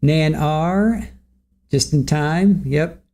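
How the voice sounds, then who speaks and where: A man's voice: fairly high pitch, very slow, warm tone. A man hosting a livestream, greeting viewers from the chat by name and chatting casually while waiting for court to start. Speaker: livestream host.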